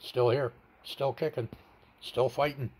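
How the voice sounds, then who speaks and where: A man's voice: mid-range voice, fairly even intonation, measured pace, darkish tone, husky. A man candidly telling a personal story in an interview, blunt and plain-spoken, stumbling over and repeating words as he goes. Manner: stammers and repeats words while recounting.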